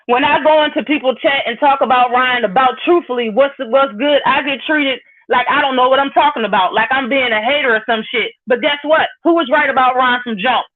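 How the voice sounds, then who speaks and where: A woman hosting a live stream, ranting bluntly and profanely while greeting viewers in the chat. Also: high voice. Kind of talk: heated live-stream rant. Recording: phone-like lo-fi audio.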